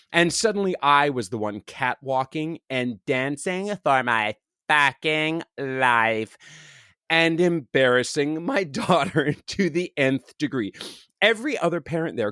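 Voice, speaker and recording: A middle-aged man co-hosting a chatty podcast, his pitch swinging widely as he tells a story. He slips into playful voices for the people in it. The sound is close and dry. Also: no room sound. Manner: animated storyteller, acts out quotes in voices. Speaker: podcast co-host. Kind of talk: casual chat.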